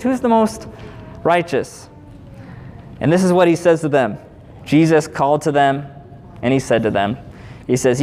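A man in his thirties preaching a sermon as pastor, in a conversational, animated way with casual asides. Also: on the high side, a little slow, long pauses. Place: church sanctuary. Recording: long hall reverb, faint background noise.

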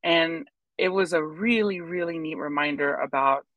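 A woman's voice: deep voice, normal speed, fairly bright tone, no room sound, muffled recording. A woman co-hosting a podcast, telling a personal story in casual chat and acting out the people she quotes. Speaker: podcast co-host.

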